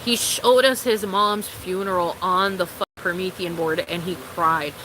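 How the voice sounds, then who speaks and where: A woman's voice: on the low side, steady tone, unhurried, noisy background. A young woman vlogger ranting in a casual storytime, exasperated and incredulous, swearing freely and laughing often.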